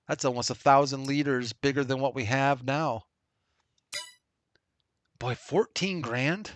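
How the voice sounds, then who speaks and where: A man's voice: a little high, a bit bright. A man casually commenting as he plays a farming game, musing aloud and laughing to himself. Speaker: let's play host. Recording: game engine noise behind voice. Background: tractor and engine sounds from the game.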